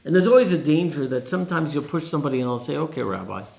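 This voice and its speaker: Male rabbi preaching with a gravelly, slightly high voice in a roomy space. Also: racing, a little mellow. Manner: poses rhetorical questions to the listeners. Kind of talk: sermon. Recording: roomy echo.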